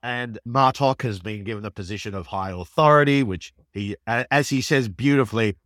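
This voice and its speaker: A man, co-hosting a podcast and recapping an episode in an enthusiastic, animated way. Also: medium pitch, brisk, hardly any pauses, no room sound, studio quality. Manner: enthusiastic, animated storytelling with laughs. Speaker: podcast co-host. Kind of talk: casual chat recapping an episode.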